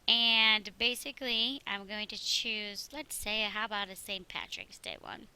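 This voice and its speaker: Bright-voiced woman teacher explaining steps. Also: medium pitch, expressive, measured pace, clean tone, poor audio. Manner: chatty, walks through steps. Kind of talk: screen-recorded tutorial.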